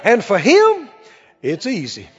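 A man's voice: high-pitched, huge pitch swings, takes it slowly. A male pastor preaching a sermon, emphatic, repeating phrases and quoting scripture. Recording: echoing hall, dull lo-fi sound.

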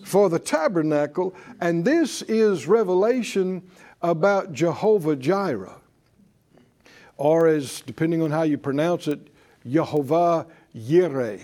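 An older man preaches a Bible class at an unhurried pace, his voice higher than most men's yet mellow and warm. He is folksy, chuckles at his own asides, and presses his points with rhetorical questions. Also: animated. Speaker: preacher and teacher. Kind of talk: sermon-style Bible class.

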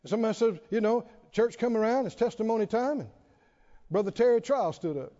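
High-voiced preacher in an echoing church. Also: male voice, brisk. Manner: animated storytelling with humor, calls for congregation responses. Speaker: pastor. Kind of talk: sermon. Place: church sanctuary with congregation. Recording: dull reverberant church recording.

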